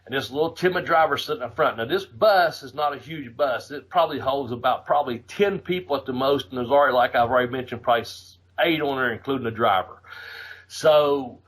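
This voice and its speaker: A man hosting a podcast, telling a road story in a casual, profane, animated way, laughing as he goes. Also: medium pitch, brisk, breathy edge. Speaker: podcast host.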